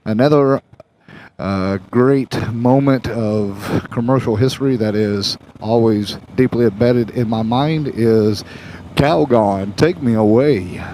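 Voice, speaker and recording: Guy chatting into his helmet mic on the bike, cracks jokes, drifts off topic, loud engine and road noise behind. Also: mid-range voice, fairly even intonation, takes it slowly, low-quality recording. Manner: joking, chatty, wanders off topic. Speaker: motorcycle travel vlogger. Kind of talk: rambling chat while riding. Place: on a motorcycle on the road. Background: motorcycle engine and traffic.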